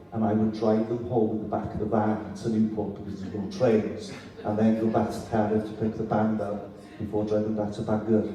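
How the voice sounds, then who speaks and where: A man from Wales telling lively anecdotes at a festival talk. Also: fairly low pitch, heavy reverb, far from the mic, slight background noise, rough recording. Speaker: festival speaker. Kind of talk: storytelling at a literary event.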